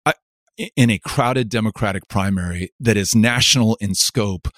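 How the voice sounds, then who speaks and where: A man's voice: fairly low pitch, fairly bright tone, dry recording, studio quality. A middle-aged man from West Texas, a politician answering interview questions in an earnest, reflective way, often restarting his words and stacking parallel phrases. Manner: earnest, halting with repeated starts, lists in rhythmic parallel phrases.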